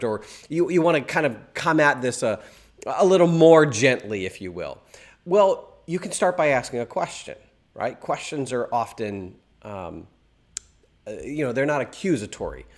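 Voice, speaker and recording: A male teacher leads a recorded lesson in a somewhat high voice, with pitch that leaps about as he stresses key words. His delivery is energetic and conversational, built on anecdotes and rhetorical questions. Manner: animated storytelling with emphatic stresses. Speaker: Christian apologetics teacher. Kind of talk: teaching video lecture.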